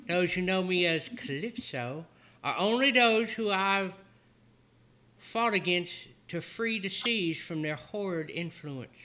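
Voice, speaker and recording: A man's voice: sits high, animated, takes it slowly, bright, forceful tone, pitched above the performer's own voice, full character voice. A man voicing an elegant, affectionate sorceress in a tabletop game; she speaks grandly and calls everyone darling. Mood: gracious.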